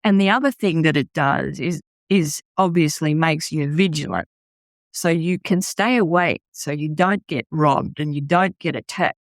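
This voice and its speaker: A middle-aged Australian woman who founded a charity speaks in an interview, telling her story candidly. Her voice is low and unhurried, with no room sound, and she comes across as earnest and blunt, often restarting her sentences.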